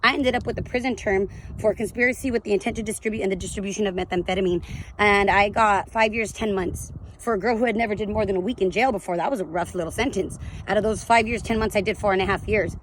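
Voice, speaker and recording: In this candid vlog, a woman in her thirties with a medium-pitched voice shares her story of addiction and recovery with raw emotion and plenty of swearing. A little hiss or hum sits under the recording.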